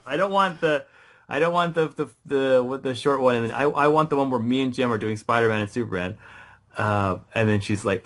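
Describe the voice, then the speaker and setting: A man, a guest writer in a casual interview, telling stories with lots of restarts, quick laughs and rising excitement. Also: mid-range voice. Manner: animated storytelling, many restarts, laughs often.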